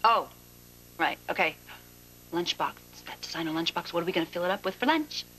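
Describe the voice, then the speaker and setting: A woman's voice: lowish voice, animated, fairly quick, pushed and bright, slight background noise, low-quality recording. An actress playing a caring young woman with a soothing, coaxing way of talking, in a TV drama. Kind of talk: daytime TV drama acting.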